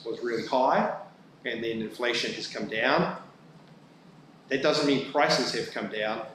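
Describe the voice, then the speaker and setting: A man presenting a budget at a council meeting, halting often with fillers and restarts. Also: mid-range voice, fairly bright tone. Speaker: town staff presenting budget. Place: council chamber. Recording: very echoey room, faint background noise.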